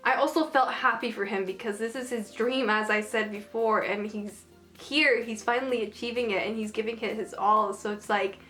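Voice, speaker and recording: A woman's voice: fairly high pitch, steady tone, moderate pace, fairly bright tone, soft background music. A woman giving a casual, gushing and emotional review, full of fillers and exclamations. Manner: gushing and emotional, lots of "like" and "oh my goodness". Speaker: anime reviewer.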